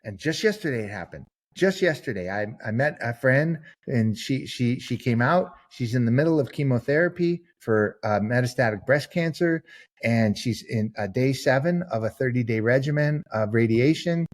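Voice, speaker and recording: Guy on a podcast telling stories earnestly, mid-pitched, talks things through. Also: lively intonation, moderate pace. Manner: earnest storyteller, acts out quoted people. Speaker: author and podcast guest. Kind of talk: conversational interview answer.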